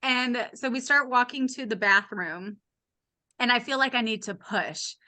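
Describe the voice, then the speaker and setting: A woman's voice: fairly high pitch, unhurried. A woman in her late thirties or forties, a podcast guest telling a frank, funny personal story and acting out the voices of the people in it. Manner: animated, acts out the voices of others in her story; candid and frank, with a wry humor. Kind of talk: casual storytelling.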